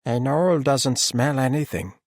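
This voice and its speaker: A man's voice: mid-range voice, lively intonation, measured pace, no room sound, clean studio sound, voice pushed up. A man voicing a wary male gnoll who speaks bluntly about himself in third person, in an audiobook. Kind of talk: audiobook character voice.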